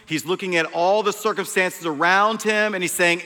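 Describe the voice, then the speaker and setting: A male preacher delivering a sermon, emphatic, swinging between loud and hushed delivery. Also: high voice, fairly quick, few pauses, long reverb tail.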